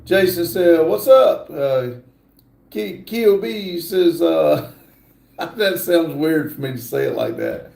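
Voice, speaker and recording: A middle-aged man talks slowly through a casual livestream, reading chat aloud with plenty of "uh"s. His voice is gravelly and mellow. The room is echoey. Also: a little high, animated. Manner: slow, drawling, reads chat aloud with many fillers. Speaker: livestream host.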